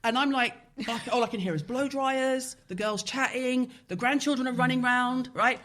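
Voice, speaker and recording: Brief: woman, 50s, podcast host, animated storyteller. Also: high voice, moderate pace. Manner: lively, animated storyteller who acts out voices. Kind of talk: casual chat.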